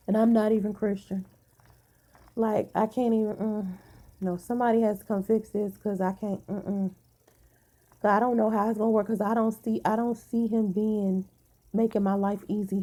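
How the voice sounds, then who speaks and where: A woman's voice: mid-range voice, steady tone, a little fast, mellow. A woman vlogger venting to her viewers in casual talk, blunt and emphatic, swearing freely, sounding tired.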